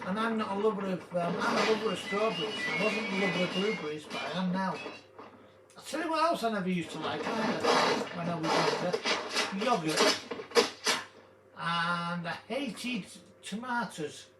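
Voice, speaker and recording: A man's voice: sits high, expressive, moderate pace. An older man chatting in a rambling, jokey way while he plays a game. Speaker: gaming video host. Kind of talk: casual chat while playing. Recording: roomy, distant mic, noisy background.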